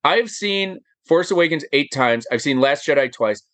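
Male podcast guest, animated chatter, fairly high and very lively voice. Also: moderate pace, no room sound. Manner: animated, emphatic, rhetorical questions. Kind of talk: casual chat.

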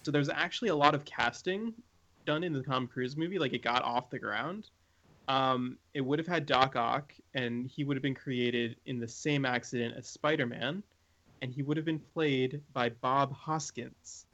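A man co-hosting a podcast, sharing information in a steady, casual way with small fillers. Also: medium pitch, normal speed. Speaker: podcast co-host. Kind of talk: casual chat. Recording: dull lo-fi mic.

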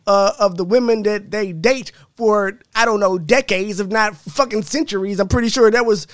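Male podcast host, high voice, blunt and profane, dry close recording. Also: no echo. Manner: blunt, profane, laughs often. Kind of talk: casual chat reading comments.

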